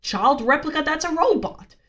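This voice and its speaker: A woman putting on a smug husband pitching a bad idea, in a mocking quote. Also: expressive, normal speed, fairly bright tone.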